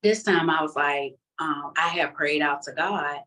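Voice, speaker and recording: A woman's voice: low voice, measured pace, bright, forceful tone, far from the mic, rough recording. A woman giving a candid, emotional church testimony in a colloquial way, full of fillers. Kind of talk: personal testimony storytelling.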